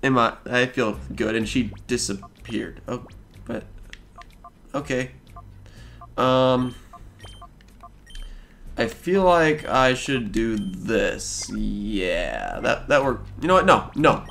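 A young man hosting a let's play, commenting on the game as he plays, chatting to the characters on screen with quick exclamations. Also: mid-range voice, very animated, gravelly, a bit bright, slight background noise.

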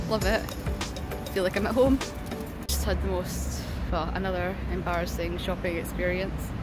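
A young woman from the UK, chatting casually in a vlog. She rambles and is self-mocking, with many filler words. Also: fairly low pitch. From United Kingdom. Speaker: travel vlogger.

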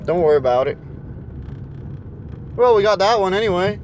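Young guy cussing everybody out from his car, high voiced. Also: animated, moderate pace, slight background noise. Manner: angry, cursing constantly. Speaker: vlogger. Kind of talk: casual rant while driving.

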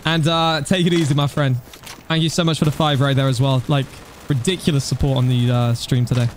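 A young man streaming a game, chatting casually and thanking donors, getting excited at times. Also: mid-range voice, fairly quick, slight background noise. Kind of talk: casual live-stream chat.

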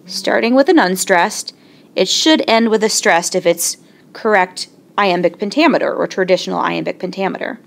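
A woman teaching a lesson in a clear, patient way, slowing down to sound out syllables. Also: mid-range voice. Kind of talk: explaining a lesson.

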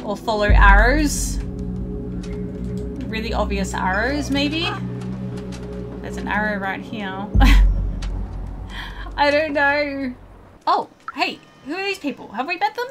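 A woman's voice: sits high, animated, slow, pauses often, over loud music. A woman giving casual let's play commentary, chatting to viewers and swearing at game characters.

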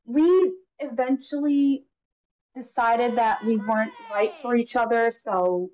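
A woman's voice: fairly high pitch, slow, darkish tone, highs cut off, slight background noise. A woman in her twenties calling in to a livestream, speaking hesitantly with many ums. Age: 20s. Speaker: caller. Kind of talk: phoning in to a livestream.

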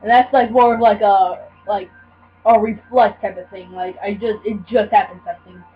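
A young woman commentating her own gameplay, mumbling at times and then yelling and screaming in frustration. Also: steady tone, normal speed, muffled recording, faint music behind. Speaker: gamer. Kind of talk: let's play commentary. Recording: low mains hum.

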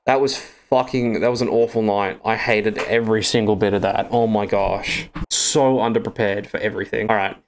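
A man's voice: lowish voice, fairly even intonation, normal speed, few pauses, a little hiss or hum. A young Australian man with an Australian accent giving jittery, swearing gaming commentary as a streamer, with nervous laughter.

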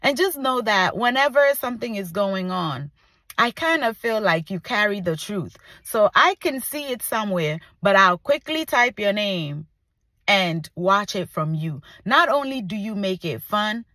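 A woman's voice: mid-range voice, expressive, measured pace, pushed and bright, dry recording. A young adult woman who makes food videos, talking to camera in a playful, teasing, chatty way. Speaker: food content creator. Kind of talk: direct-to-camera response vlog.

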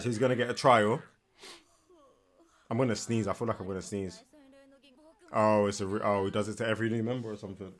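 A young man giving casual, animated reaction commentary while watching, tired and yawning, with slangy asides and frequent repeated words. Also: mid-range voice. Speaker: anime reaction host. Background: faint anime soundtrack.

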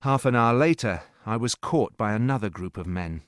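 A man narrating a story in a slow, clear reading voice. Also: on the low side, lively intonation, no room sound, studio quality. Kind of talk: scripted narration.

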